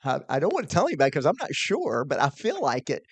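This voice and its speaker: A man telling an earnest, animated personal story as a podcast guest, quoting his own thoughts along the way. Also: fairly high pitch, fast, breathy edge, dry recording. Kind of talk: storytelling in a conversation.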